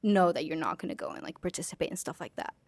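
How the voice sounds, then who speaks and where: Talking quickly in a deep, sing-song voice, this young college-age woman is a guest on a podcast, and the recording is dry. It's a casual interview, and she comes across as earnest and laid-back, filling her sentences with "like" and "you know."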